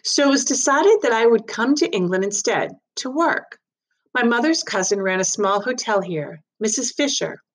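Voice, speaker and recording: A woman voicing a quiet, German-born wife in a storybook reading, who answers hesitantly and carefully. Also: on the high side, expressive, normal speed, pitched above the performer's own voice.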